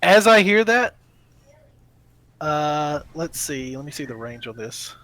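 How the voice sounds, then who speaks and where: Higher-voiced guy playing a tabletop game, thinking out loud about his spells. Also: very animated, slow. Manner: thinks aloud, counting out spell ranges. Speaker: player. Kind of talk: casual tabletop play.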